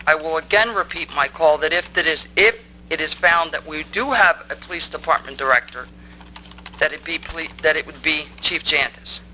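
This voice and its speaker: A woman's voice: low voice, normal speed, sharp tone, slight background noise, poor audio. Angry woman berating a town council. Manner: angry, accusing and insistent. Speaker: resident speaking at public comment. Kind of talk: public comment at a council meeting. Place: town council meeting room.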